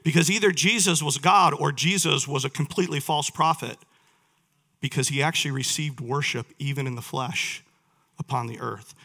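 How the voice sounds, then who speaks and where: A man preaches a sermon in a voice on the high side, bright and forceful, at normal speed. He reads scripture verses aloud and puts questions to his listeners.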